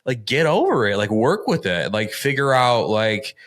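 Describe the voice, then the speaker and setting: A man's voice: medium pitch, very animated, moderate pace, fairly bright tone. A man hosting a podcast, talking loosely and profanely and laughing often in casual conversation. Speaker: podcast host.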